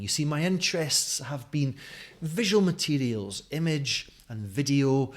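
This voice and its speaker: Mild Scottish man in his forties, teacher trainer talking to camera, friendly and chatty, middle pitch. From Scotland. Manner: friendly and chatty, with many fillers. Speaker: teacher trainer giving a conference talk. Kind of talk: recorded video talk to camera. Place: home at night. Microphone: camera in front of him.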